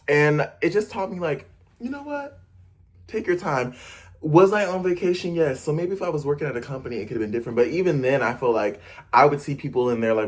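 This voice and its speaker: A young man from the United States, chatting casually and animatedly to camera in an unedited vlog, with lots of fillers and restarts. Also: medium pitch. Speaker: vlogger.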